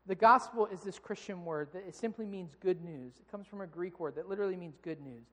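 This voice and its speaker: A man's voice: sits high, a little fast. A man in his thirties preaching a sermon to a congregation, earnest and direct, acting out stories with rising heat. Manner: earnest, builds to animated acted-out anger in stories. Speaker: pastor. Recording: long reverb of a large hall.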